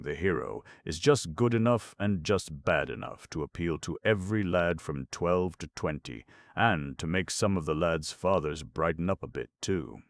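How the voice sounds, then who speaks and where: A man narrates an audiobook in a steady, measured way. His voice is extremely deep with a gravelly edge. The sound is close and dry. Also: no room sound. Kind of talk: scripted narration.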